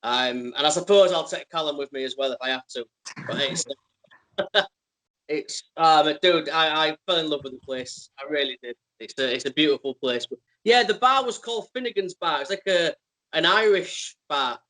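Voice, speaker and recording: A man's voice: a little high, moderate pace, sharp tone, rough recording. A man with an English accent co-hosting a casual podcast, talking eagerly with frequent restarts. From England. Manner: enthusiastic, stammers on restarts. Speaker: podcast co-host. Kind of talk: casual interview chat.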